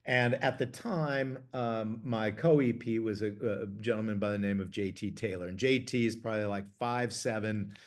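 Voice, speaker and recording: A man's voice: lowish voice, moderate pace, hardly any pauses. Chatty man telling a backstage story. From Ohio, USA. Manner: chatty, many fillers and restarts, animated when quoting others. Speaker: TV producer interviewee. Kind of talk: casual anecdotal storytelling.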